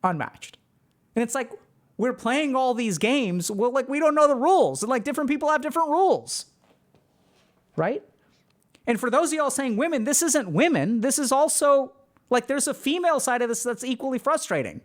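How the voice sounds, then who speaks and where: A man's voice: very high voice, expressive, moderate pace. A man talking casually to a live chat, giving emphatic advice with lots of filler words and short acted-out quotes. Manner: emphatic, many "like" fillers, acts out quoted people.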